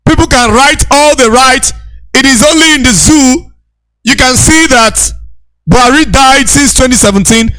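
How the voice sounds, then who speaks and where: A man giving a preachy, impassioned lecture, repeating his points and shouting rebukes. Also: extremely high pitch, moderate pace, dry recording.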